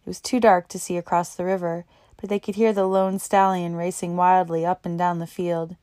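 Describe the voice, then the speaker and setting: A woman reading a novel aloud as narrator, in a steady, even way. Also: lowish voice, moderate pace, no room sound, studio quality. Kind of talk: audiobook narration.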